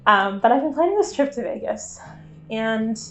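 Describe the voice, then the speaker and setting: Girl in her 20s vlogging, confessional and kinda wry about herself, soft guitar music behind. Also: on the high side, lively intonation, moderate pace. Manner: confessional, self-deprecating, wry. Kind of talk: candid talking-to-camera vlog.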